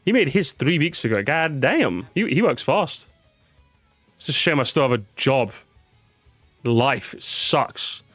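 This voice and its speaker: A man's voice: medium pitch, big pitch swings, a little slow, long pauses, a bit bright, dry recording, soft background music. A tired man chatting casually on a live stream, repeating words, swearing and reacting to his chat.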